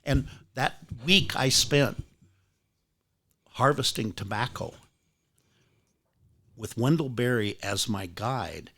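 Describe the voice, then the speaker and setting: A man's voice: medium pitch, slow pace, pauses often, fairly bright tone. An older man chatting casually at a book club, telling rambling anecdotes with frequent restarts and casual swearing. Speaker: rare bookseller and book club guest. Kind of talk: casual storytelling chat.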